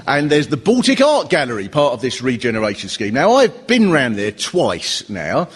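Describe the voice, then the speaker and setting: A man's voice: mid-range voice, normal speed, slightly rough. A man performing live stand-up comedy as host, telling chatty observational stories. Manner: chatty, animated observational storytelling. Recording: reverberant live hall.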